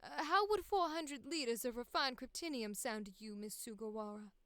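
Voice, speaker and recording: Audition: woman doing a soft-drawled, desperate-sounding rich alien slime wife, smooth and dry. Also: on the high side, moderate pace, no room sound, natural voice. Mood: urgent. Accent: invented soft drawl, almost Southern. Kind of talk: voice acting audition.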